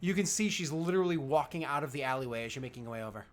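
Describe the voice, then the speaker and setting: A game master narrating a fantasy tabletop game, halting and full of fillers. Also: medium pitch, expressive, faint music behind.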